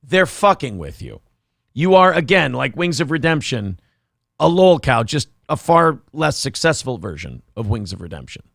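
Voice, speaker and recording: A man's voice: mid-range voice, very animated, moderate pace, creaky, fairly bright tone, dry recording, clean studio sound. A man hosting a morning talk show, chatting casually with a sarcastic, mocking manner. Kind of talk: casual chat.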